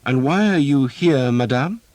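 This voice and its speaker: A man's voice: medium pitch, lively intonation, a little slow, a little mellow, dry recording, voice pushed up, natural voice. A man reading an audiobook, voicing a confident young prince who questions people sharply and speaks with courtly manners. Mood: demanding. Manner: demanding, then gallant.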